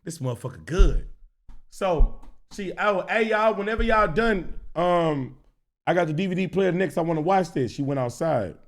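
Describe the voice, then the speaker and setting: Loud, profane man telling stories. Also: sits high, normal speed. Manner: loud, profane, laughing, acts out characters. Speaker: streamer. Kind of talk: animated storytelling.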